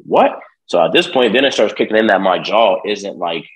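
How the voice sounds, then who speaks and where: On a rough recording, a young man with a fairly low voice speaks a little fast while telling a long, casual personal tale as a guest on a podcast. The retelling is profane and lively, full of swearing and impressions of the people in it.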